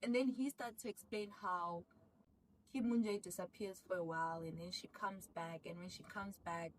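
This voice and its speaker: A woman casually retelling a drama's plot, excitable and rambling. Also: lowish voice, far from the mic, a little hiss or hum, poor audio. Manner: excitable, rambling, acts out characters' lines. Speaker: vlogger recapping a drama. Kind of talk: casual storytelling recap.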